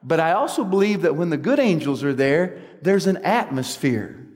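A man's voice: a little high, animated, normal speed, a little mellow, in a large hall. A man giving an earnest preaching talk, often checking in with his listeners with questions. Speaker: speaker at a church meeting.

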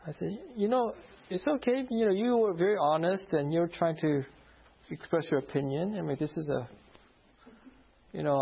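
A male pastor tells a story from his own ministry, laughing often and playing each voice in it. His voice sits a little high with a gravelly, husky edge. The recording is dull and lo-fi. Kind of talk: sermon storytelling. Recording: dull lo-fi sound.

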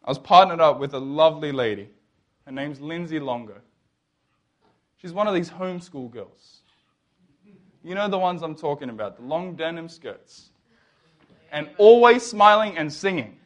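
A young man telling his faith story to an audience, animated and jokey, acting out the lines of the people he quotes. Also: fairly high pitch, moderate pace, long pauses. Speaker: speaker. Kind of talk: testimony talk to an audience.

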